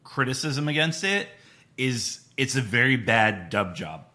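A laid-back man chats casually on a podcast in a bright, sharp-edged voice. His pitch sits in an ordinary middle range. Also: sing-song, a little slow. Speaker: podcast co-host. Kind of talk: casual chat.

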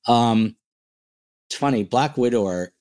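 A man's voice: medium pitch, slow pace, darkish tone. A man hosting a podcast livestream in a casual, joking, playfully boastful way, with a New Jersey accent. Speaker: podcast host.

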